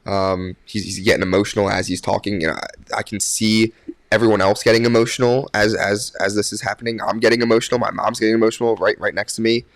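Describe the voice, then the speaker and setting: Young man telling a story, slightly low. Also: quick pace, no room sound. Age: young adult. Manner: rambling, with many fillers and restarts; animated when quoting others. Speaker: podcast guest. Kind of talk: casual storytelling.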